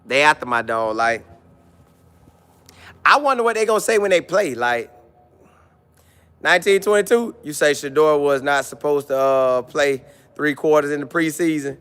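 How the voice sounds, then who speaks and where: His voice sits on the high side and is smooth, moving at a normal speed with frequent pauses. He chats casually on a live stream, reading comments, joking in an animated manner, repeating lines, and using mock voices.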